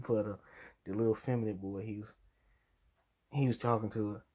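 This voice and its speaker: A man's voice: on the low side, steady tone, normal speed, darkish tone, husky. A man hosting a podcast, telling casual stories full of profanity, frequent laughter and acted-out quotes. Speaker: podcast host. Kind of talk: casual storytelling.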